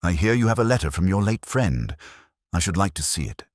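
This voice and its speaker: A man voicing a tall, menacing foreign murderer who speaks in a low voice with a thick accent. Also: very animated, fairly quick, no echo, studio quality. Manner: menacing, insistent.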